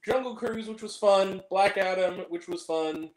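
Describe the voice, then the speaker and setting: A man hosting a casual movie review show, talking in an animated, joking way with mock-angry rants. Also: sits high, measured pace, reverberant, poor audio.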